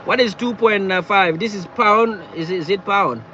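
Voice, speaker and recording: Man, live-stream chat, halting, repeats himself, sitting in a car, faint background noise. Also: sits high, bright, forceful tone, muffled recording. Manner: halting, repeats words and phrases often. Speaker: livestreamer reading viewer chat. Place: in or beside a parked car.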